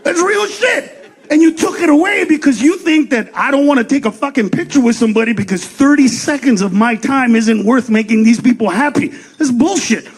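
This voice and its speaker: A man doing a stand-up comedy set on a club stage, loud and profane, acting out characters in quick voices. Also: very high-pitched, expressive, slightly rough, some chatter behind. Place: comedy club stage before a laughing audience.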